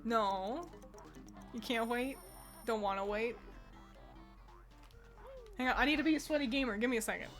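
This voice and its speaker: Playful chatty woman streamer, higher voice. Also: normal speed, pauses often, fairly bright tone, soft background music. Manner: chatty and playful, swears freely, talks to her cat. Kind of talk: casual gaming commentary. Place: home. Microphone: desk microphone.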